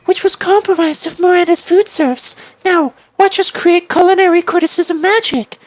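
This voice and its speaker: A woman's voice: extremely high pitch, fairly even intonation, normal speed, no room sound, soft background music, low-quality recording. A woman voicing a perky, self-assured ghost girl with a chirpy, playful line reading, as a game character on a stream.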